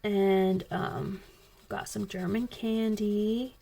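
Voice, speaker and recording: A woman with a drawl chats casually while she colors, wandering from one point to the next as she tells a story. Her voice sits in a middle pitch and has a steady crackle of vocal fry. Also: extremely slow. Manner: rambling, chatty storytelling. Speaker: coloring channel host.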